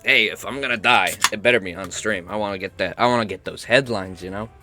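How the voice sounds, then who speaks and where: A sick young man with a hoarse, cracking voice and a cough, chatting casually and swearing while he streams a game. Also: on the low side, fast, over music. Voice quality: rough, cracking voice. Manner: rambling, self-mocking, swears often. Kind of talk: casual gaming stream chat.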